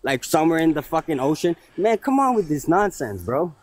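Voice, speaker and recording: A man's voice: fairly high pitch, very animated, brisk, dry recording. A man in a heated debate, defensive and swearing often as he talks over the other speaker. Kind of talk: heated argument.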